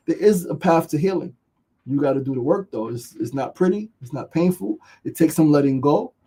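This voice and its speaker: On a rough recording, a fairly high-pitched male voice with a dark, slightly rough tone fires up a motivational livestream. The New York podcast host swears a lot, speaks with passion, and keeps asking "right?"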